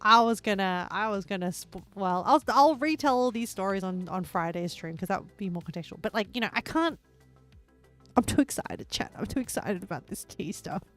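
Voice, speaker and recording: A woman livestreamer chatting casually while she builds in a game, rambling and excitable and laughing often. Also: mid-range voice, moderate pace, faint music behind.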